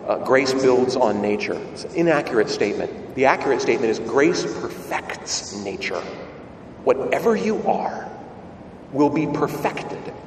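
Lively priest preaching in an echoey church. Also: male voice, fairly high pitch, a little hiss or hum. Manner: conversational, rhetorical questions, repeats words. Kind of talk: homily. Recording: echoey church, far from mic.

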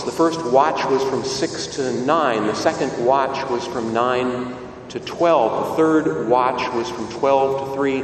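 A man's voice: medium pitch, heavy reverb, long reverb tail, far from the mic, a little hiss or hum. A male priest giving a sermon, telling stories and asking rhetorical questions. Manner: expressive storytelling, rhetorical questions.

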